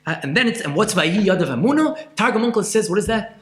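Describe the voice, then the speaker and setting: A man giving a passionate Torah class, asking questions and swinging from loud outbursts to hushed asides. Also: high voice, animated, fast talker, roomy sound. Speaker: Torah teacher.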